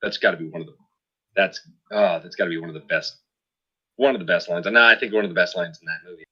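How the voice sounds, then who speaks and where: A man's voice: deep voice, steady tone, fast talker, slightly rough, muffled recording. A man hosting a tabletop game stream, chatting casually between sessions, apologetic and rambling with plenty of fillers. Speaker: host.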